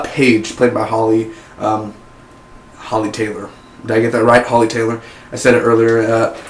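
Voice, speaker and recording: A man reviewing a television series in a casual, rambling way, often saying "man". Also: mid-range voice. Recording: echoey room.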